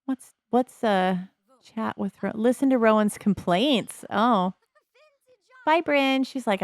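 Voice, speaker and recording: Speaking slowly in a slightly high voice with no echo, a middle-aged let's play host chats wryly about a life-simulation game. She laughs a lot and drops into character voices as she goes.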